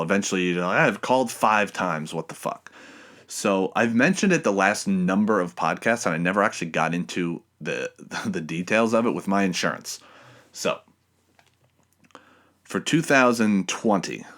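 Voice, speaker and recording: A man's voice: low-pitched, a bit bright. A man hosting a podcast alone, telling rambling, profane stories in a casual way. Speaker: podcast host.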